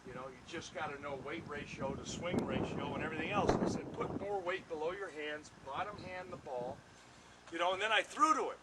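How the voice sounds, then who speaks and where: Older man, high-pitched, lively anecdote teller in a workshop with a noisy background. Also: brisk. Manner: animated yarn-spinner who acts out other people's lines. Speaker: retired pitcher, interviewee. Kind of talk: casual anecdotal storytelling. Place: home bat workshop.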